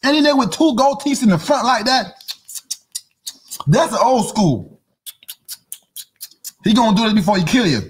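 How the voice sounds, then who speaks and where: Animated man ranting on a podcast. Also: very high-pitched, moderate pace, pauses often, a little hiss or hum. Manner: animated, profane, jumps into mock voices and sing-song. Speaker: podcast host. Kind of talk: comedic commentary rant.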